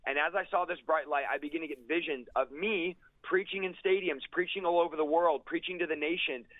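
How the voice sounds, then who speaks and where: A man giving an intense, fast-paced personal testimony as an interview guest, driving his points home with emphatic repetition. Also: fairly high pitch, steady tone, dry recording. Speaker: guest preacher sharing a testimony. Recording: tinny, dry phone-like line.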